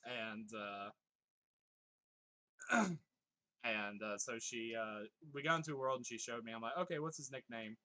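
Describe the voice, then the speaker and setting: A man's voice: medium pitch, a little slow, long pauses, pushed and bright. A man casually commenting on his gameplay and reading chat aloud, swearing freely, laughing often and joking in mock exasperation. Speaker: live streamer.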